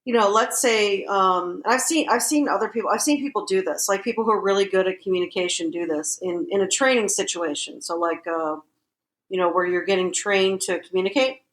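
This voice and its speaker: A woman's voice: mid-range voice, brisk. A woman co-hosting a casual podcast chat, telling stories with lots of fillers and acted-out quotes. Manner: animated storyteller, acts out quotes. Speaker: podcast co-host.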